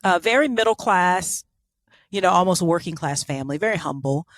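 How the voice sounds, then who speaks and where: A woman's voice: lowish voice, lively intonation, a little fast, no echo, clean studio sound. A woman co-hosting a podcast, telling a story in casual chat with sarcastic asides and lots of fillers. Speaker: podcast co-host.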